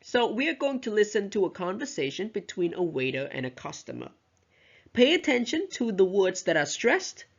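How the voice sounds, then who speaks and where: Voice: mid-range voice, sing-song, moderate pace, creaky. A teacher giving a lecture on pronunciation, explaining step by step and modeling example sentences aloud. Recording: dull, lo-fi recording.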